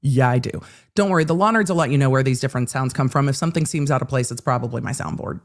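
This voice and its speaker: A woman's voice: a bass voice, very fast. A woman hosts a casual live legal commentary. She talks in a chatty, joking way and often makes asides to herself.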